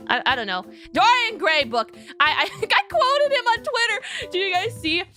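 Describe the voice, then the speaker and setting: A woman's voice: very high voice, big pitch swings, normal speed, pushed and bright, soft background music. A young woman streamer chatting casually with her viewers, rambling and giggly with lots of fillers.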